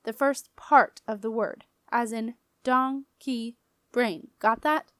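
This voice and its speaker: A woman voicing a menacing male ghost who intones slowly in a hollow, threatening voice. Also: fairly high pitch, fairly bright tone, no room sound, clean studio sound. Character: menacing goat-eyed male ghost, cold and slow.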